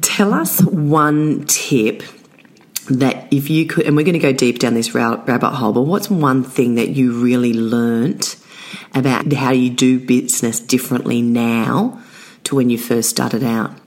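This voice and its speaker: Host, woman in her forties, very deep voice, chatty and quick to laugh. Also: a little mellow. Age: 40s. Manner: chatty, laughs often, repeats words. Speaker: podcast host. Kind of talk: casual interview chat.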